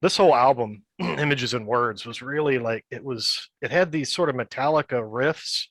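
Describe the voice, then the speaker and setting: A man's voice: medium pitch, moderate pace, fairly bright tone, no echo. A man in his fifties, a guest on a podcast, telling casual stories with restarts and laughter. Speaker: podcast guest, metal band member. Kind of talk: casual storytelling chat.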